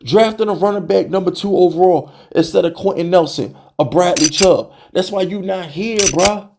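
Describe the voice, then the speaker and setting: A man's voice: sits high, moderate pace, gravelly, a little hiss or hum. Fired-up man ranting about his team. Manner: animated, exasperated, repeats "bro" and rhetorical questions. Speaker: sports fan channel host. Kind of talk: heated fan rant to camera.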